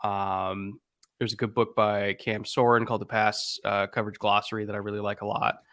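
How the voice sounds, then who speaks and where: A man's voice: on the low side, little pitch movement, moderate pace, a bit bright, dry recording, studio quality. A man co-hosting a podcast in casual chat, talking loosely, joking and swearing now and then. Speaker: podcast co-host.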